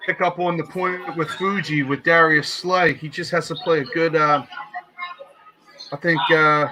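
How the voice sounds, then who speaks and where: A man's voice: fairly high pitch, fairly even intonation, a little slow, background noise. A man on a sports panel, blunt and confident, brushing off the opposing players. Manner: blunt, confident, trash-talking. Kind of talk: casual sports talk.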